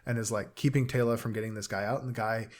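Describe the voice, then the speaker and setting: A man co-hosting a podcast, casually recapping a TV episode and acting out the characters' lines in quick impressions. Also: fairly low pitch, fairly even intonation. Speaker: podcast co-host.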